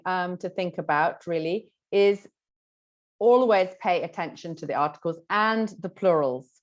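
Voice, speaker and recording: A woman's voice: lowish voice, muffled recording. A woman teacher giving exam tips in a chatty way, explaining through examples with frequent fillers. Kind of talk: exam tips lesson to camera.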